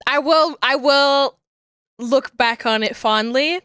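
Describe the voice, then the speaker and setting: A woman's voice: high-pitched, very slow, long pauses, bright, forceful tone, clear, resonant tone. A woman streamer chatting casually with her viewers, rambling, giggling often and searching for words.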